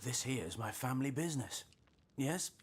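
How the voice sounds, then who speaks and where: A man's voice: mid-range voice, animated, moderate pace, husky. A man playing a surly, bitter undertaker in a video game, brusque and dismissive.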